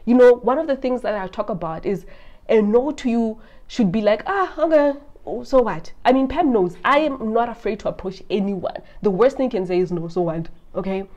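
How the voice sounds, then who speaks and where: A woman's voice: mid-range voice, a little fast, lo-fi sound. A woman giving a casual Bible lesson, reading scripture aloud and breaking off to comment, often checking in with the viewer. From South Africa. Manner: expressive, reads scripture aloud and then comments; talks directly to the viewer with frequent "right?". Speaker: Christian money vlogger.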